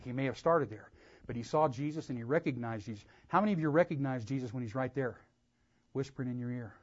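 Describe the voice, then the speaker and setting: Man, pastor preaching, emphatic loud swells, middle pitch, muffled lo-fi sound. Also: fast. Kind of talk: sermon.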